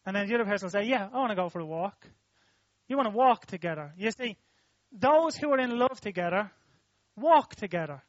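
An Irish man preaches in a very high voice, spinning personal stories into his sermon. He talks conversationally, then swells into loud, emphatic declarations. The sound is dull and dry, with no room around it. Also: no room sound.

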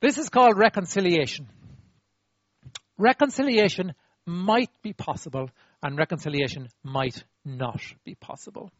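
High-voiced animated preacher, dry sound. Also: male voice, no room sound, highs cut off. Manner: animated, demonstrative, acts out apologies, asks the audience to repeat. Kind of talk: sermon.

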